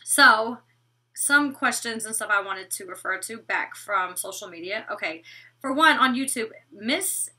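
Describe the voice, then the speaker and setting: A young woman vlogger recapping a reality show in casual chat, blunt and animated, cursing freely. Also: a little high, measured pace, distant mic. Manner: blunt, animated, gossipy with swearing. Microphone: desk microphone.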